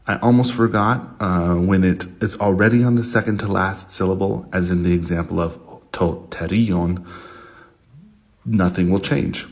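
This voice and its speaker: A man teaching grammar to camera in an unhurried way, with frequent ums and uhs. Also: low voice, steady tone, husky. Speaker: language tutor.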